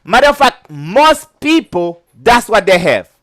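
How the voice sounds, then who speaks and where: Man, very high voice, animated pitch, casual chatty lecture. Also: a little slow, dry recording. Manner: chatty, keeps checking "okay?", breaks into giggles. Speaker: insurance licensing instructor.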